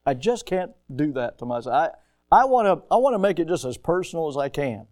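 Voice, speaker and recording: Animated preacher man, slightly high voice. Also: fairly quick. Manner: animated storytelling with sudden loud rises; repeats words when starting a thought. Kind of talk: sermon.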